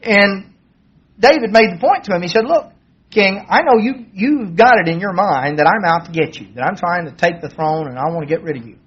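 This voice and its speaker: Husky high-voiced man preaching. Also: animated, fairly quick. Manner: conversational, acts out quoted dialogue in a raised voice. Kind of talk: sermon retelling a Bible story. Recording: dull lo-fi sermon recording.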